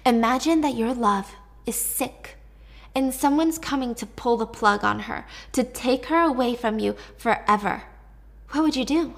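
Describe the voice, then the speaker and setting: A woman voicing a cold, scheming young woman captive who speaks in a calm, hushed, coaxing way while retelling a story. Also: a little high, unhurried, gravelly. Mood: persuasive.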